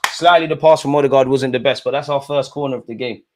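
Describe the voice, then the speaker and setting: A young man hosts a live football watch-along and commentates in a casual, slangy way. He gets excitable and yells at the referee. His voice sits in a middle pitch. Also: fast talker, noisy background.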